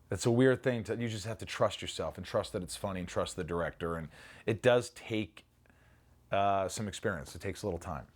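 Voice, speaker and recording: Animated middle-aged man, lowish voice. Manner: animated storyteller, swears freely, acts out lines. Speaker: actor being interviewed. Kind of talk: casual interview reminiscing.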